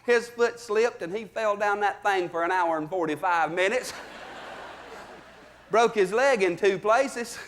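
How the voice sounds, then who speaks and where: Southern male stand-up, high voice, folksy drawling storyteller, live on a theater stage. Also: slow, slight background noise. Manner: folksy drawling storyteller, swings between loud and low. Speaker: stand-up comedian.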